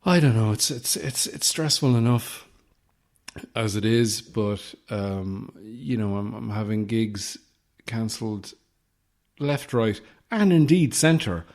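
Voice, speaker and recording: A man hosting his own comedy podcast, rambling through deadpan absurd asides close to the mic. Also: fairly low pitch, slow pace. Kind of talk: solo comedic podcast monologue. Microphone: close podcast microphone.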